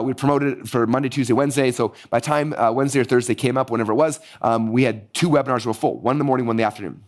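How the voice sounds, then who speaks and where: A man in his forties, teaching marketing through a fast, animated story and acting out the dialogue with a raised voice. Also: mid-range voice. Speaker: business coach teaching marketing. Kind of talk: energetic teaching monologue with storytelling.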